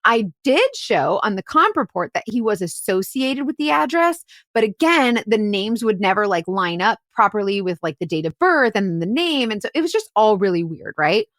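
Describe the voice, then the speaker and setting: A woman's voice: medium pitch, big pitch swings, normal speed, hardly any pauses, a bit bright, no echo, studio quality. A woman podcast host and private investigator telling a case story in a chatty way, full of "like" and "right?". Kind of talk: casual storytelling chat.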